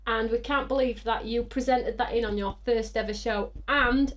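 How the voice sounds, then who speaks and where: A bubbly woman hosts a live craft stream, her voice sitting a little high. She chats with excitement, whoops, laughs, and greets viewers as she reads their comments aloud. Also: normal speed, few pauses. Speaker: host of a live craft show.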